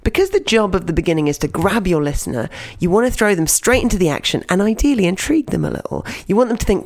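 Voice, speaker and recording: A woman storytelling coach talks straight to her listeners in an audio blog lesson, playful and direct. Her voice sits on the low side but swings widely in pitch, with a gravelly fry at phrase ends. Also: animated, fast talker, hardly any pauses, a little mellow.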